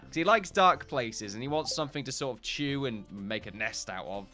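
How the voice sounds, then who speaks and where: A young man giving casual, joking commentary while playing games, chatty and quick to swear and laugh. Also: medium pitch, animated, pushed and bright, faint music behind. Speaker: gaming YouTuber. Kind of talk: casual let's-play commentary.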